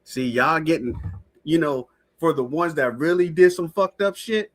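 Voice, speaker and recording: A woman co-hosting a podcast in casual chat, profane, blunt and animated. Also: fairly low pitch, a little slow. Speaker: podcast co-host.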